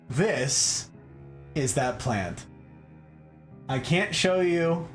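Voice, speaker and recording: A man's voice: fairly high pitch, a bit bright. A man hosting a casual plant livestream, playful and goofy, slangy, breaking into silly voices. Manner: slangy, lots of "like" fillers. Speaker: streamer hosting a plant stream.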